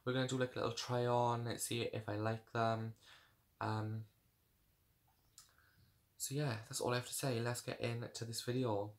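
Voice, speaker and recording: A man's voice: medium pitch, flat delivery, moderate pace, long pauses. A young man chatting casually through a clothing try-on haul, rambling with lots of fillers. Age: young adult. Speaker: fashion vlogger.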